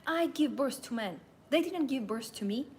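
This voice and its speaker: A woman's voice: high voice, animated, moderate pace, a little mellow, a little hiss or hum. A young adult woman hosting a live motivational talk, speaking in a passionate, emphatic, self-assured way. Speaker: host and femininity coach.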